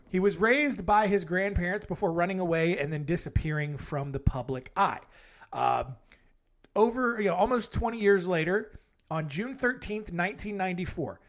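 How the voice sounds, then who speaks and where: A man hosting a comedy podcast who tells stories in a rambling, casual way with jokey asides and self-corrections. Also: high-pitched. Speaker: podcast host.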